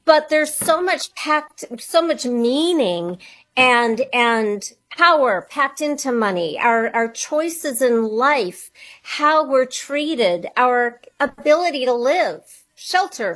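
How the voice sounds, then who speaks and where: A middle-aged woman speaks as a radio interview guest in a high, bright-pitched voice. She talks slowly and earnestly, reflective, and often stacks up questions as she works through a thought. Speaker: guest author and money coach.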